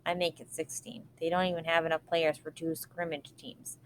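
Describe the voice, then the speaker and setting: A woman reading a novel aloud in a steady, even way. Her voice sits a little low, and a faint hiss runs beneath it. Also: moderate pace. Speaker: reader.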